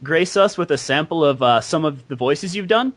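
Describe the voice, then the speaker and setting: A man's voice: a little high, animated, moderate pace, a bit bright. A man interviewing a voice actor, asking playful questions and laughing along. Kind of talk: casual interview.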